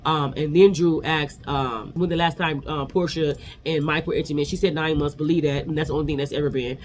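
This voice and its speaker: A man hosting a vlog, giving an animated, sassy casual recap of a reality TV episode. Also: on the high side, brisk, a little hiss or hum. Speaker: vlog host.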